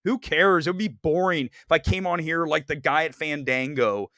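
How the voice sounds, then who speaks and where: A loud, outspoken man hosts a live movie talk stream, joking and ranting. His voice sits high for a man. It is recorded close and dry, with no room sound. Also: moderate pace, no echo. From Ohio, United States. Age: adult. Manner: loud, outspoken and jokey, slips into mocking voices. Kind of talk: casual live-stream rant.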